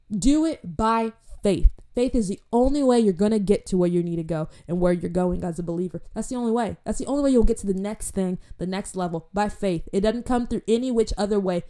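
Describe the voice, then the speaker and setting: A woman's voice: medium pitch, warm tone. A woman giving an informal faith talk and then a prayer. She speaks in a passionate, conversational way and repeats phrases for emphasis. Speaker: preacher.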